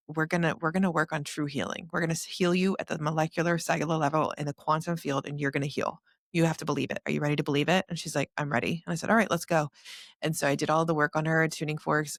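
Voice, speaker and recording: A woman's voice: sits low, no echo. Gushing woman healer, dry close mic. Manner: gushing, animated storyteller. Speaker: podcast guest, energy healer. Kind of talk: casual chat.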